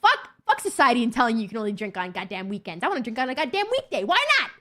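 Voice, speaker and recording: Young woman streamer swearing nonstop, high bright voice, bouncy and all over the place. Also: very fast. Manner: profane, blunt, excitable. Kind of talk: casual livestream chat with viewers.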